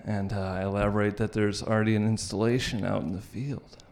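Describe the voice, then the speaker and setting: A young man telling a personal story to an audience, wry and animated, often laughing as he goes. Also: lowish voice, brisk.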